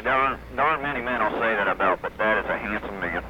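A man's voice: fairly low pitch, fast talker. Offhand male caller on a fuzzy phone. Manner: offhand, indifferent. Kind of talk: phone call-in. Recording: fuzzy noisy phone line.

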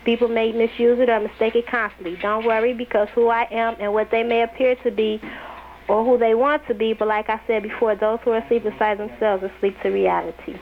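A teenage girl calling into a radio show and reading her own poem, shy and soft-spoken. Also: fairly high pitch, flat delivery, a little fast. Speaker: caller. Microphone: phone. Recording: muffled phone call with faint noise.

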